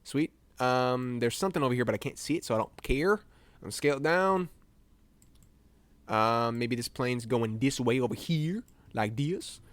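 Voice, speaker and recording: Young man, American, casual stream chatter, self-mocking, mid-pitched voice, dry close sound. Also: animated, normal speed, no room sound. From United States. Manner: rambling, self-mocking, laughs often. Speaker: streamer editing images live. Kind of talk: casual live-stream commentary.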